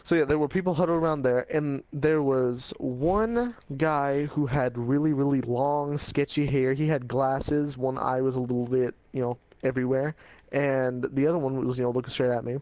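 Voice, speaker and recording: A man's voice: medium pitch, moderate pace, a little mellow, no echo, muffled recording. A man telling a casual life story in a rambling, slangy way, laughing at himself as he goes.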